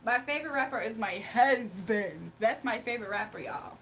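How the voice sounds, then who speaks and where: High-voiced woman hosting a casual livestream. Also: expressive, normal speed, fairly bright tone, slight background noise. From Virginia, USA. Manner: playful teasing, laughs often. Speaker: livestream host. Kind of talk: casual live-stream chat reading comments.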